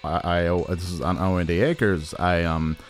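A man's voice: low-pitched, steady tone, unhurried, soft background music. A man co-hosting a podcast in rambling, jokey casual chat. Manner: rambling, jokey, jumps into silly voices. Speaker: podcast co-host.

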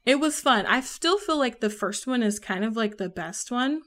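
Chatting about a book for her podcast, this Southern-accented woman from the American South rambles, uses lots of fillers, and laughs frequently. Her voice runs on the high side, a bit bright and expressive, at a normal speed.

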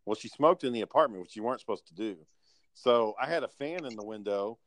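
A man's voice: mid-range voice, quick pace, no echo. A man chatting casually on a podcast, rambling and swearing as he tells stories. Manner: rambling, swears, lively storytelling. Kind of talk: casual chat.

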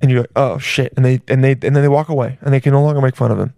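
A man's voice: mid-range voice, steady tone, racing, gravelly, dark tone, no room sound, studio quality. Crude, rambling comedic man. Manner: crude, rambling, with many restarts and swearing.

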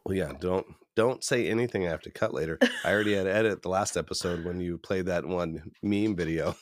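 A man's voice: fairly quick, dry recording. A young man co-hosting a podcast in casual chat, telling stories with laughs and putting on voices for the people he quotes. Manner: laughing storyteller, acts out quotes in higher voices. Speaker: podcast co-host.

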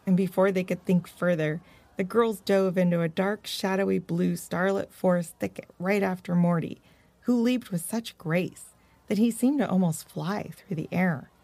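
A woman narrating a children's story in a gentle, expressive reading voice. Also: on the low side, moderate pace, dry recording. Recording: dry close-mic recording.

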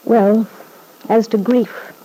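A woman's voice: a little high, fairly even intonation, extremely slow, mellow, husky, heavily acted, low-quality recording. An actress playing a wry, self-deprecating young mother in a vintage radio soap. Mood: weary.

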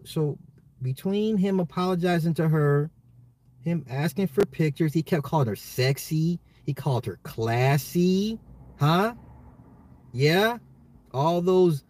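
On his solo social commentary podcast, an adult man who is a father speaks directly to listeners with emphasis, often repeating himself. His voice is a little high with a darkish tone.

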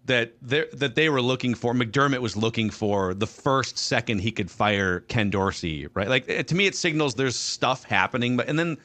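Bright-voiced man hedging his point. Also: medium pitch, normal speed, hardly any pauses. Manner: hedging, lots of "like" and restarts. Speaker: podcast host. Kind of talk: casual sports chat.

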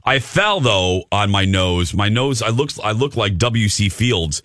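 Radio host, male, very low voice, dry close studio mic, rambling self-deprecating storyteller. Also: very animated, a little slow, fairly bright tone, no room sound. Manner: chatty storyteller, self-mocking. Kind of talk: casual morning radio chat.

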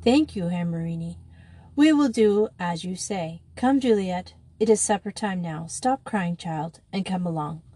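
Woman doing a kind young headmistress, soft and reassuring. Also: lowish voice, expressive, unhurried, breathy edge, poor audio. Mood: firm kind. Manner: gentle, reassuring. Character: kind young headmistress, gentle but firm.

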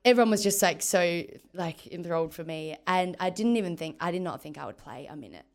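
A woman, a football captain telling her story in a casual interview, animated and full of "like". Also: on the low side, a little fast. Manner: animated, lots of "like", acts out quotes.

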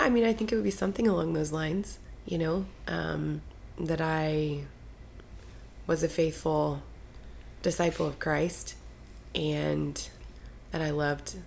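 A woman co-hosting a casual faith podcast, congested from allergies and laughing easily. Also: slight background noise. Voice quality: gravelly, low voice. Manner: laughs often, warm and playful. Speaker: podcast co-host. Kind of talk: casual chat.

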